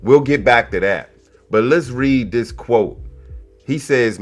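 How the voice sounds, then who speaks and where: A man hosting a comedy commentary show, animated and mocking, swinging between loud exclamations and low mutters. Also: a little slow, faint music behind. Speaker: host.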